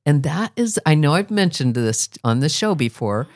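A middle-aged woman hosting a podcast, chatting casually and telling a story with lively rises in her voice. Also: sits low, normal speed, dry recording, clean studio sound. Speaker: podcast host. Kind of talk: casual chat.

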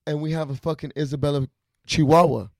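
A young man on a podcast, telling animated, profane stories in casual chat. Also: fairly high pitch, fast talker, gravelly, no echo, clean studio sound. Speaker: podcast guest.

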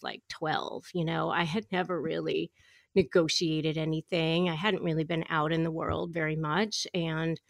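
A middle-aged divorce attorney and negotiator, appearing as a podcast guest, tells a story with real animation. Her voice is fairly low, and the recording is studio quality with no echo.

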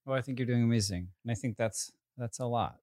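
Soft hesitant guy in his 30s on a podcast, lots of likes and ums, dry close mic. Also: mid-range voice, fast talker, dry recording. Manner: soft-spoken and hesitant, heavy on fillers. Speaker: podcast co-host. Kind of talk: casual chat. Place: indoor podcast studio.

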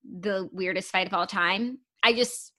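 A woman's voice: medium pitch, unhurried, pushed and bright. Chatty woman podcast co-host. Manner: reads news stories aloud, then chats about them. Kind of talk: casual pop-culture news chat.

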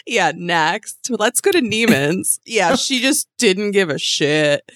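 A woman's voice: medium pitch, sing-song, slow pace, a bit bright, no echo, clean studio sound. A woman co-hosting a casual podcast, recapping a movie with wry jokes and laughter. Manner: wry, joking asides with laughter. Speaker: podcast co-host.

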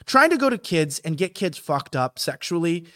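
A man hosting a casual podcast chat, talking in an animated, incredulous and profane way. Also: on the high side, moderate pace, dry recording, clean studio sound.

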